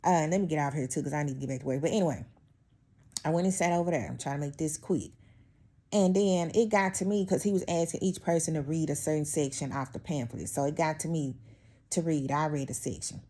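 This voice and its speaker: A woman's voice: low voice, a little fast, mellow. A woman vlogger telling a workplace story in casual chat, chatty and exasperated, talking straight to her viewers. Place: at home.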